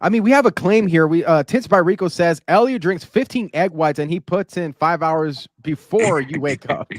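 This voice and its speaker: A man hosting a podcast, doing an energetic interview full of hype. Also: fairly high pitch, normal speed, no echo, studio quality. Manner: hype-driven, energetic announcer patter. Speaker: podcast host.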